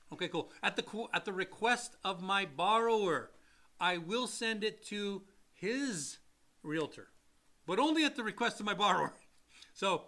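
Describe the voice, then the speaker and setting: A man with a fairly high voice talks through loan questions on a casual podcast. His tone is bright and forceful, and he is blunt and animated. He swears casually and acts out what buyers and sellers say. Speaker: co-host and loan officer.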